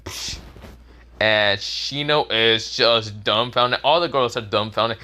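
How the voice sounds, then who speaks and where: A man's voice: fairly low pitch, slow pace, pushed and bright. Rambling, foul-mouthed young man storyteller. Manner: rambling, swears a lot, many fillers. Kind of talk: improvised fan-fiction narration.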